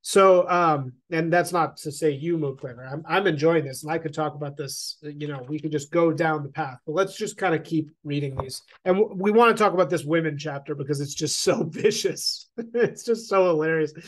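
A man hosting a casual discussion, talking in an animated way and reading long passages aloud. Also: on the high side, moderate pace. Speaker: podcast host.

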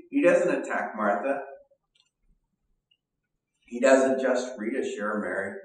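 Guy preaching a sermon, super echoey, sounds a bit far off from the mic. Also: medium pitch. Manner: earnest, conversational preaching with pauses and fillers. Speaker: pastor. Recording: echoey room, mic at a distance.

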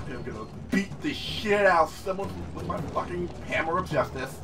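Young male streamer, high animated voice, shouty and hammy, swearing, mic off at a distance, game music under him. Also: normal speed, hardly any pauses. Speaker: gameplay streamer. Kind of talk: loud gameplay commentary.

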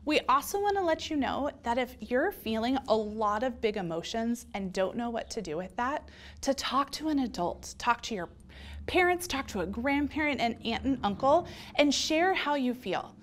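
A woman gives a children's sermon in a gentle, earnest way. Her voice sits a little high for a woman. She talks straight to the kids watching at home. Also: lively intonation, normal speed. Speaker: children's ministry leader.

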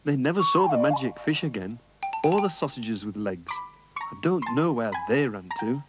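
A man telling a children's story, gently and expressively, at a mid pitch. His voice rises and falls in a lively sing-song way, with some music playing behind him. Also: moderate pace. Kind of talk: reading a children's story aloud.

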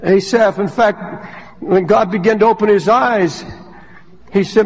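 A man preaching a sermon as pastor, impassioned and rising to shouts, recorded in a large church hall. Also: high voice, lively intonation, slow pace, vocal fry. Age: older.

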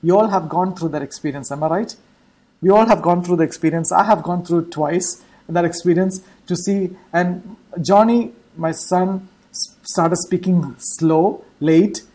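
A woman preaching an online church sermon in a warm, mellow voice with a slightly husky edge. She keeps repeating her key points and pauses to check in with the congregation through quick rhetorical questions. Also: fairly low pitch, rough recording.

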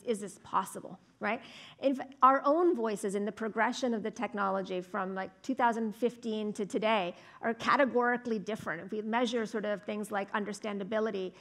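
With a mid-range, fairly bright voice, a woman speech scientist lectures in a lecture hall and responds to audience questions. She's thoughtful and explanatory, often saying "right?" and "um" along the way.

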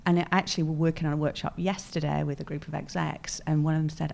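A woman's voice: low-pitched, flat delivery, quick pace, vocal fry, hardly any pauses, a little mellow. A middle-aged woman with a Manchester accent, a guest explaining her work in a casual podcast chat, laughing easily. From England. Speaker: guest, leadership consultant.

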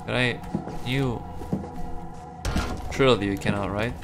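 A man's voice: on the low side, fairly even intonation, measured pace. A young man giving profane, rambling, mock-angry commentary while playing a video game. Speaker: gaming streamer. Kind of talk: let's play commentary. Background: game music and gunfire.

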